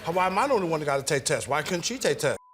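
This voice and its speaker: Defensive man talk-show guest, quick and high-pitched, repeats his denials. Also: big pitch swings, a bit bright. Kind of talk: heated talk-show argument. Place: TV studio stage.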